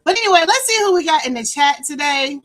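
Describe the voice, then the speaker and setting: A woman runs a casual livestream from her home setup. Her voice sits high and bright above most women's. She chats easily, doubles up her words and welcomes each viewer by name. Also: expressive, fast talker. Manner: chatty, repeats words, greets chat by name. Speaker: livestream host.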